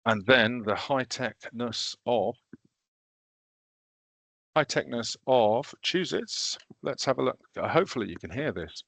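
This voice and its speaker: A man leading a recorded training session, walking through teaching software step by step in a casual, self-deprecating way. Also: mid-range voice, lively intonation, unhurried, vocal fry, no echo.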